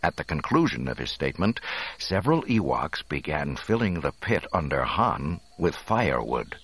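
A man narrating a storybook in an expressive, dramatic reading. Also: very deep voice, normal speed, breathy edge.

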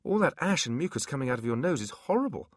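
A man voicing a timid little male imp with a high, squeaky voice in a storybook reading. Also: big pitch swings, fast talker, no echo, studio quality. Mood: fussy.

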